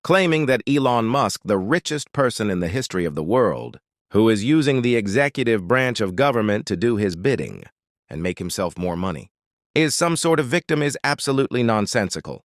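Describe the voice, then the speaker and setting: A man's voice: on the low side, sing-song, a little fast, no room sound, studio quality. A man hosting a political commentary channel, talking scornfully and sarcastically between clips.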